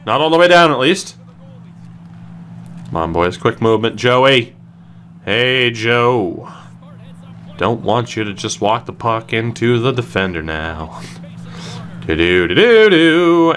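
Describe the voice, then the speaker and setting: A man commentating his own hockey video game, swinging between low groans and excited shouts. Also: a little hiss or hum. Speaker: gaming streamer.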